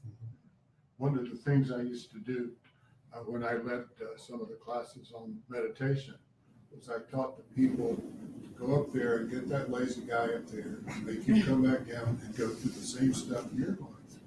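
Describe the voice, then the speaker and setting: A man speaks in an even, flat tone and tells a relaxed anecdote. He is picked up from well across an echoing room, with clear room noise underneath. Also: medium pitch, normal speed. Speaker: class participant and former meditation teacher. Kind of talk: casual class remark. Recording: distant, roomy, with room noise.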